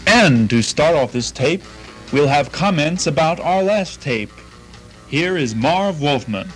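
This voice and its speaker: A man's voice: a little high, animated, slow pace, soft background music. Earnest man hosting a home tape. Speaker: host of a tape fanzine. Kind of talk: casual taped introduction.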